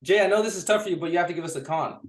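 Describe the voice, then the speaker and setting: A man's voice: high-pitched, racing, a crowd in the background. A man hosting a casual podcast chat, teasing his co-hosts and steering the talk. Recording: echoey room.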